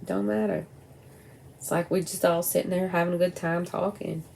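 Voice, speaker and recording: Her voice is gravelly and a little mellow, fairly low in pitch, with fairly even intonation and a moderate pace. The recording is low quality with slight background noise. She's a middle-aged woman vlogging at home by a window at night, rambling candidly and bluntly to camera and swearing every so often.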